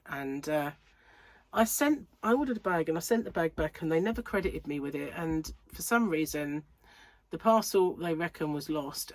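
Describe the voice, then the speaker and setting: A woman chats away to camera in a slightly low voice, a little stuffy and short of breath. She rambles through stories with frequent giggles. The sound is close and dry, with no room echo. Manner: chatty, giggly, rambling anecdotes. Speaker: crochet channel host. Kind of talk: casual chat to camera. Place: home room under lights.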